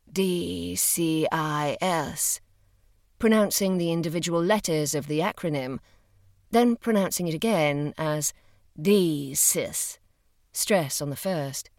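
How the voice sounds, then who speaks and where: A woman reads a novel aloud with lively, varied intonation and a slightly low voice. The sound is dry and close, with no room around it. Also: no room sound. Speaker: audiobook narrator. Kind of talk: scripted narration of a novel.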